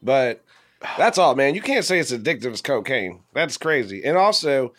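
A man co-hosting a casual chat, riffing in an animated, slangy, emphatic way. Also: medium pitch, moderate pace, dry recording, studio quality. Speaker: podcast co-host.

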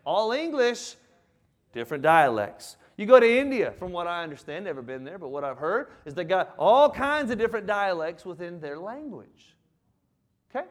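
A man in his seventies with a Southern US accent, preaching with folksy energy. His voice sits very high for a man. He keeps the sermon lively with playful impressions and easy asides to the church. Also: normal speed. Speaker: pastor.

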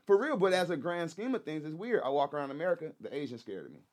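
A man speaks fast and emphatically in a casual podcast chat, his voice sitting a little high. He swears freely, repeats his points and keeps tagging lines with "you know what I'm saying". His talk is loose and conversational. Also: big pitch swings. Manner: profane, loose slangy delivery. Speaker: guest, rapper and activist.

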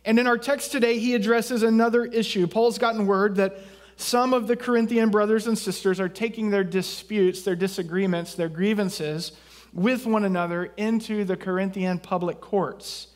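A man's voice: high voice, steady tone, moderate pace. A man from southeast Texas preaching a sermon as pastor, in a conversational way with jokes and asides.

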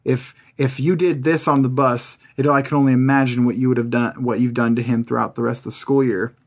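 A man of ordinary pitch tells a story from his school days in a relaxed, profane way. He talks loosely, with friendly filler, as he chats with a fellow host. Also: a little fast. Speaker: podcast guest co-host. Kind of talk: casual chat.

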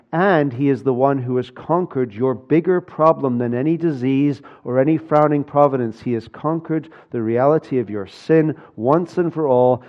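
A man's voice: mid-range voice, muffled recording. A man preaching a sermon, earnest and building to urgent, emphatic passages. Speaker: pastor.

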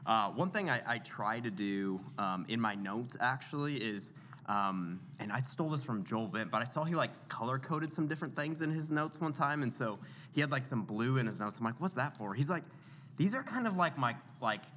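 Male co-host, bright tense tone, hesitant casual delivery, faint noise underneath. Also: mid-range voice, normal speed. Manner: hesitant, full of fillers and restarts. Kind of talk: casual chat.

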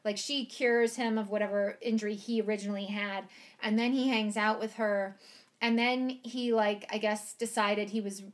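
A woman's voice: mid-range voice, fairly even intonation, moderate pace. A woman co-hosting a podcast in casual chat, recapping a show with lots of "like" and "um" and easy laughter. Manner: chatty, lots of "like" and "um", laughs easily.

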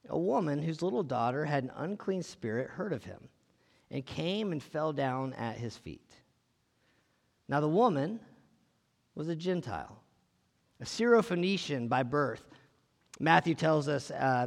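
A man's voice: a little high, vocal fry, long reverb tail. A man preaching a conversational sermon, reading scripture and asking his listeners questions in a casual way. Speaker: pastor.

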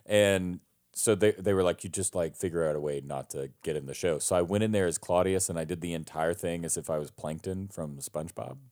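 A man's voice: deep voice, a little fast, darkish tone. A man on a headset mic, telling a rambling, self-deprecating story in casual chat and laughing often.

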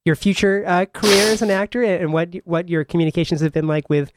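A man hosting a radio interview, asking inquisitive, measured questions. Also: high-pitched, noisy background. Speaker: radio host.

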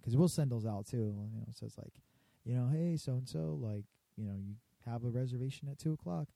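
A man tells work stories in casual, profanity-laced chat, mimicking difficult customers as he goes. His voice is dark and mellow, recorded close and dry. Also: medium pitch, brisk, vocal fry, hardly any pauses, no echo. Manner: profane, storytelling, acts out customers. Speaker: barbershop worker.

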